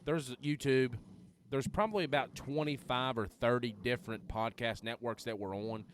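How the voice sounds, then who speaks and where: A man's voice: mid-range voice, normal speed, slight background noise. A man, a podcast co-host chatting casually and rambling with fillers. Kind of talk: casual chat.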